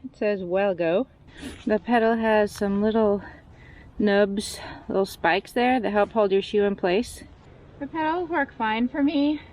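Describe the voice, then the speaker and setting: A woman chats casually while riding and reviewing her bike outdoors on trails and roads, laughing often and poking fun at herself. Her mid-range voice is a little slow and darkish, and the outdoor recording is noisy.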